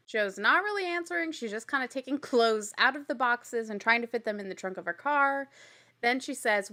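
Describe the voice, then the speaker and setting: A woman hosting a recap show, telling the story in a chatty, blunt way with casual swearing and animated exasperation. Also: a little high, moderate pace. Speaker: podcast host recapping a reality show.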